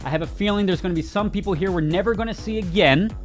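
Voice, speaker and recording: Give me a joking male stream host with a slightly high voice. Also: fast talker, soft background music. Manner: joking, talks straight to chat, laughs often. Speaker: host of a gaming news stream. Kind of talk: casual live-stream chat.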